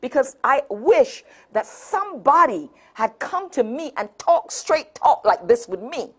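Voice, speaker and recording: A Caribbean woman hosts a late-night talk show from a studio. She talks to her viewers in a sassy, preachy way, full of slang. Her voice sits a bit high and swings widely up and down. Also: big pitch swings, measured pace, slightly rough. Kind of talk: lively talk show monologue.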